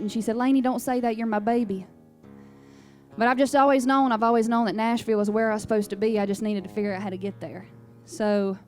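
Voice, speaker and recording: A woman's voice: mid-range voice, darkish tone. A young woman from Louisiana with a thick Southern accent, telling folksy, sassy stories between songs in a radio studio. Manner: folksy, sassy, down-home storytelling. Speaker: country singer. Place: radio station performance studio.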